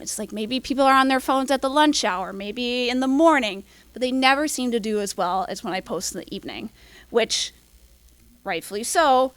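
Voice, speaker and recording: Young woman, workshop presenter, higher voice, quick, lots of fillers, dry close sound. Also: a bit bright, clear, resonant tone, no echo. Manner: quick, filler-heavy, apologizes for talking fast.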